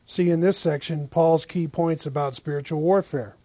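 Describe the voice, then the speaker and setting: A man teaching a Bible study, lively and full of rhetorical questions, often checking in with "right?". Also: fairly high pitch, moderate pace, no echo.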